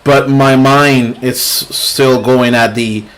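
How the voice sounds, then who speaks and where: A man's voice: mid-range voice, fairly even intonation, takes it slowly, fairly bright tone. A young man hosting a gaming livestream, chatting casually with viewers, laughing often and trailing off and restarting his sentences. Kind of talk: casual live gameplay commentary.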